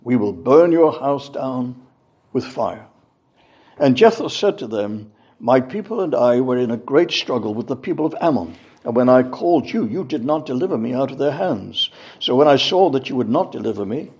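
Deliberate male preacher with measured emphasis. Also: medium pitch, darkish tone, lo-fi sound. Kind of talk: sermon with scripture reading.

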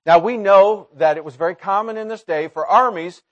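A man preaching a sermon in a college chapel, swinging between loud emphatic lines and low quiet asides. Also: normal speed, lo-fi sound.

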